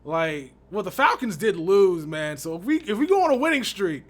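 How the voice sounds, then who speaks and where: A man's voice: high voice, very animated, normal speed. A young man from Texas giving casual, slangy commentary on a sports video game, exasperated and laughing often. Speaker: gaming YouTuber.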